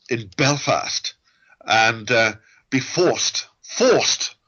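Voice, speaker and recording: A man's voice: mid-range voice, bright, forceful tone, husky, lo-fi sound. A middle-aged man as a guest on an interview show, talking at length in a ranting, digressive way with wry asides. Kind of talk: rambling interview talk.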